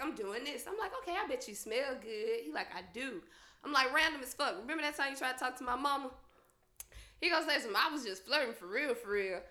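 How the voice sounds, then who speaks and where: A woman's voice: high voice, sharp tone, roomy sound. A young woman telling a profane personal story in a casual, laughing way, acting out the lines of the people in it.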